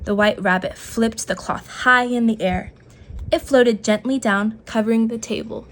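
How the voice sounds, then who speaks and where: A woman's voice: fairly high pitch, normal speed. Woman reading a picture book to children. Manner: gentle, expressive read-aloud narration. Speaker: storyteller.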